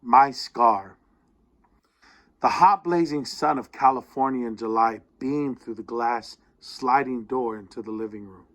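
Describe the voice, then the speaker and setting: A man reads a student's essay aloud in an ordinary mid-range voice. He tells it like a story and lingers on the tense parts. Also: mid-range voice. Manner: expressive storytelling, slowing down at tense moments.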